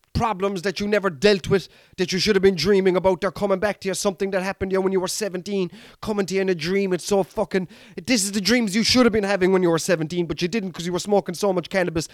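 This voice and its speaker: A man's voice: fairly high pitch, dry recording, clean studio sound. An Irish man who hosts a comedy podcast, telling a rambling, sweary story and calling his listeners lads. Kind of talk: casual storytelling monologue.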